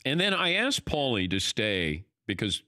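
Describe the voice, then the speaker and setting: Lively older man, animated storyteller. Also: mid-range voice, a little slow, no room sound, clean studio sound. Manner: animated storytelling, acting out quoted lines. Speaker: host. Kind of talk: casual chat.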